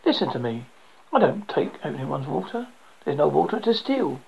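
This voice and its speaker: Reader playing a weary, steady leader, firm and gravelly. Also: mid-range voice, normal speed, a little hiss or hum, low-quality recording. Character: weary, steady man leading desert survivors.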